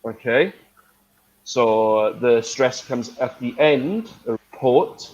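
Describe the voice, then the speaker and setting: A man teaching business English, explaining slowly and checking in with the learner. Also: medium pitch, expressive, a little mellow, muffled recording, slight background noise. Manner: joking, checks understanding with "yes?". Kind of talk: friendly lesson explanation.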